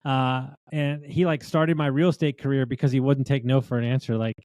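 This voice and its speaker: Fast-talking man telling wild stories. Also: medium pitch, dry recording. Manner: animated storyteller, acts out quotes of others. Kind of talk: casual storytelling chat.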